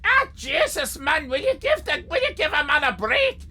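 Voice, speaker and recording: A woman's voice: high voice, big pitch swings, moderate pace, sharp tone. A woman hosting a comic live stream, chatting with many fillers. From Ireland.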